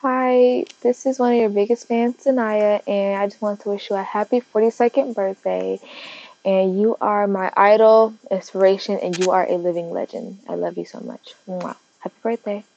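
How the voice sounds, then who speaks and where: A woman's voice: medium pitch, steady tone, normal speed, creaky, darkish tone, dry recording. A woman recording an adoring birthday message as a fan, on a dull, lo-fi recording. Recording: dull, lo-fi sound.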